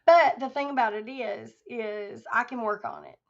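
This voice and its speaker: A woman is chatting on a livestream, her voice a little high and gravelly with fry. She sounds tired, rambles, and talks affectionately to her viewers. The audio is dull and lo-fi. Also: moderate pace. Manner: affectionate, rambling, laughs often. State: tired, voice starting to go. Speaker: livestream host. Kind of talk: casual livestream chat with viewers.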